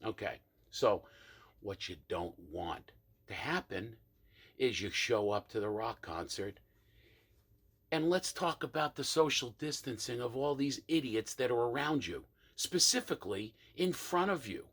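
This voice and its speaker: A man performing an exasperated comic rant monologue, mocking people with quick impressions. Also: mid-range voice, lively intonation, fairly bright tone, breathy edge.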